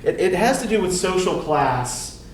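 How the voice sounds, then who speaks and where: A male lecturer gives a relaxed classroom talk, full of "um"s and "right?" checks to the students. His voice sits a little high. It comes from a mic well away from him in a very echoey room, with a faint hiss behind it. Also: measured pace, distant mic. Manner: conversational, many fillers and tag questions. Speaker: literature lecturer.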